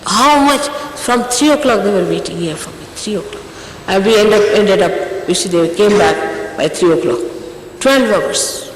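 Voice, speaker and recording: Speaking at normal speed with a medium-pitched voice, an older woman who is a spiritual teacher scolds and exhorts her followers informally ahead of a ceremony, emphatic and repeating herself often. It's captured on old tape in an echoey hall with faint hiss.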